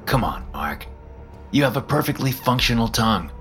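A smug, mocking devil who takes his time, lifted well above the reader's own deep tone, as a man puts him on. He teases with a lively, knowing lilt in a first-person horror story, with faint music underneath. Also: normal speed. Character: smug teasing male devil, calm and knowing.

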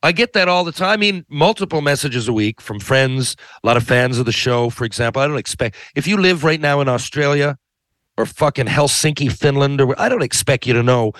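A man's voice: mid-range voice, a little fast, a bit bright, dry recording. Rambling man, dry close sound. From Newfoundland, Canada. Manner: rambling, profane, tags lines with "right?". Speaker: podcast host. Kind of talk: casual monologue.

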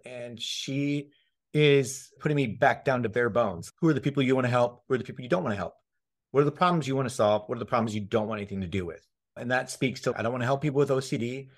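A man hosting a casual podcast conversation, excitable, swearing freely, often restarting his sentences and laughing. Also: mid-range voice. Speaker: podcast host.

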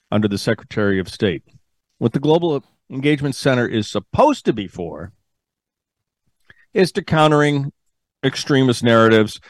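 A man's voice: on the low side, dry recording, clean studio sound. A man hosting a talk radio show, delivering an emphatic, sarcastic monologue.

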